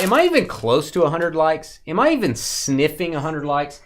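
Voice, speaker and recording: A man's voice: fairly high pitch, sing-song, moderate pace, a little hiss or hum. Chatty man hosting a live card break. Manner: chatty, joking, calls out viewers by name. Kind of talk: live stream chat while opening cards.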